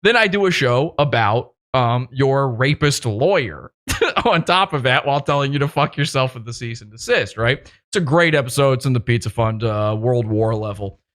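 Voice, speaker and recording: A man's voice: mid-range voice, moderate pace, fairly bright tone. A man hosting a podcast interview, mocking and profane, laughing often as he talks. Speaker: podcast host. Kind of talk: casual interview.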